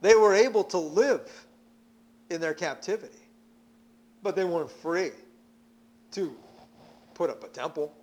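Slow, high, lively male preacher. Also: slight background noise. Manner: emphatic, repeats words when stressing points. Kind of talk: sermon.

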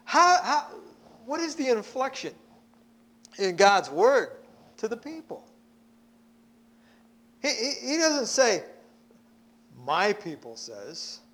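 A man's voice: very high voice, big pitch swings, slow, long pauses, fairly bright tone. A man preaching a sermon, emphatic, repeating words as he presses his points.

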